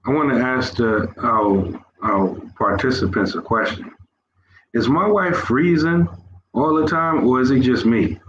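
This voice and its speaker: A man's voice: medium pitch, unhurried, a bit bright. Guy joking around on a video call, echoey room, kinda muffled sound. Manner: joking, conversational. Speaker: host. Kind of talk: casual talk show. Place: Gambia. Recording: roomy, dull internet call audio.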